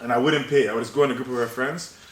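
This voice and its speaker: A young man hosting a podcast, telling a story in casual chat, animated and laughing, with "bro" in nearly every line. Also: mid-range voice, rapid-fire. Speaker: podcast host. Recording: roomy echo, faint noise.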